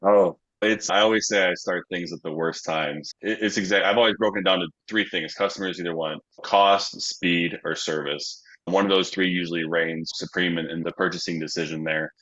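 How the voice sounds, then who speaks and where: A man's voice: deep voice, fairly even intonation, normal speed, hardly any pauses, fairly bright tone, muffled recording. A man on a webinar panel, explaining in a matter-of-fact way.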